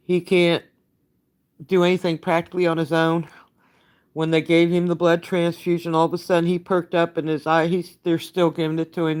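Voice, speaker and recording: An older woman giving a halting, emotionally worn-out live update, greeting her viewers by name and using many fillers. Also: low-pitched, darkish tone, clear, resonant tone. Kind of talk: live-stream chat update.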